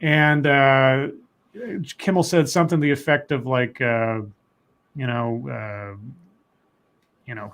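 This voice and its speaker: A man's voice: mid-range voice, a little slow, long pauses, fairly bright tone, smooth. A man co-hosting a casual livestream, reading news stories aloud and rambling on with chatty asides and fillers.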